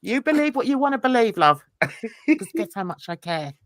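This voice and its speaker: A woman's voice: a little high, big pitch swings, normal speed, no echo. A woman hosting a casual chat, mocking and laughing as she reacts to clips. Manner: mocking, laughing, sarcastic asides. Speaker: host.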